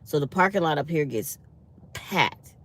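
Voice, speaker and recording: A woman, chatting casually to her viewers from her parked car, telling lively stories with acted-out quotes. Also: sits low, measured pace. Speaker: vlogger. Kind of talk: casual morning chat to viewers.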